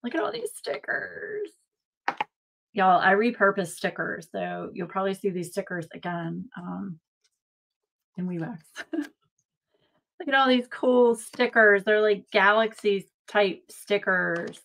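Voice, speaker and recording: A woman gushes over a craft unboxing during a casual live stream at home. She talks at an unhurried, slow pace. She keeps calling out to her viewers as she goes. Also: mid-range voice, creaky. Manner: gushing, excitable, talks to viewers as y'all. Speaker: craft channel host.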